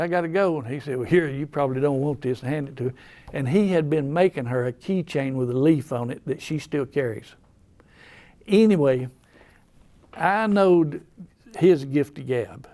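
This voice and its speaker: A slightly high, slightly mellow voice belongs to an older Appalachian-accented man who spins rambling, folksy stories while chatting casually.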